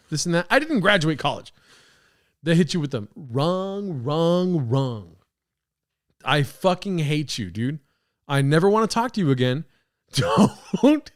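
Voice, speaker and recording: A young man hosting a podcast, ranting casually with profane mock outrage while reacting to a clip. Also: sits high. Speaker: podcast host.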